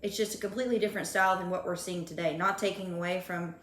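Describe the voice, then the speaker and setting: A woman's voice: lowish voice, steady tone, fast talker, fairly bright tone. A woman hosting a podcast interview, asking questions with many restarts. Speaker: podcast host. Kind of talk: casual interview. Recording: roomy echo, faint noise.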